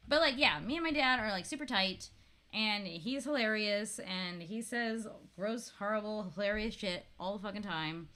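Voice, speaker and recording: A woman's voice: mid-range voice, normal speed, pushed and bright. A woman in her thirties from Florida, chatting casually to camera as a vlogger, laughing often and swearing freely.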